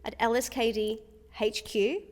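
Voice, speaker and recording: A woman's voice: a little high, steady tone, a little slow. A woman in her twenties, co-hosting a casual podcast chat and telling stories with giggles. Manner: chatty, storytelling, giggly. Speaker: podcast co-host, fitness studio. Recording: roomy with long reverb.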